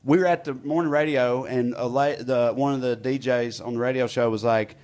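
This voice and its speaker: Male comedy podcast co-host, mid-pitched, loose profane storyteller. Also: steady tone, fairly quick, a little mellow. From Kansas. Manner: loose storytelling, swears a lot, laughs often. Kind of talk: casual comedy chat.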